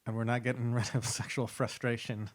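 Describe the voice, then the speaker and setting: A man co-hosting a casual podcast, telling stories in a relaxed way and laughing often. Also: medium pitch, a little fast. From San Diego area, California. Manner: laid-back storytelling, laughs often. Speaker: podcast co-host. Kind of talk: casual chat.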